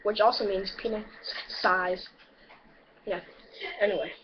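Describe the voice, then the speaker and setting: A man's voice: high-pitched, steady tone, a little slow, slight background noise. A teenage boy rambling crudely and boastfully in a casual video monologue. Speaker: vlogger. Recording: dull audio with background chatter.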